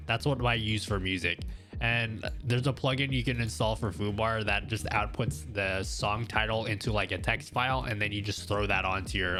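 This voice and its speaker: On the low side and a bit bright, a man's voice rambles easygoingly to live stream viewers with frequent laughter. The sound comes through a studio mic and audio mixer, with faint background music.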